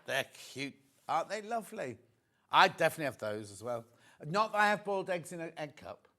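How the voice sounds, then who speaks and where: A man, chatting away as a TV shopping presenter. His voice sits a touch high for a man and swings up and down a lot as he tells his anecdotes with animation. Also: sing-song, a little fast, bright, forceful tone. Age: 60s. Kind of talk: live TV shopping chat. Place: TV studio.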